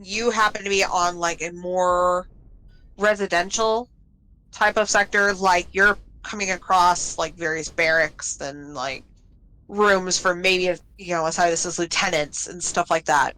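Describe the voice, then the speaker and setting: A woman narrating as game master of a tabletop game in a relaxed, easygoing way, with lots of fillers. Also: fairly low pitch, unhurried, clear, resonant tone, rough recording.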